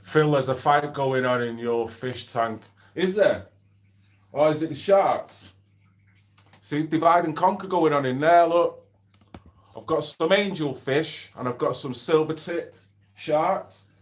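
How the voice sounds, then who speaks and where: A man's voice: a little high, takes it slowly, pauses often. Blunt man on a livestream. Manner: blunt, swears freely, reads out viewer comments. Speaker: livestream host. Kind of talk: casual livestream chat. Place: home.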